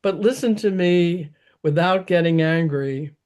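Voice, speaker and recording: A man reading aloud the lines of a self-assured young aristocrat who gently lectures a girl. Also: on the high side, measured pace, clean tone, lightly acted. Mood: lecturing.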